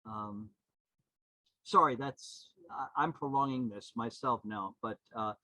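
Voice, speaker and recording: Forceful, husky older man telling stories. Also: medium pitch, slow pace, no room sound, rough recording. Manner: animated, rambling with restarts. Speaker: podcast guest, historian. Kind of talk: anecdotal storytelling.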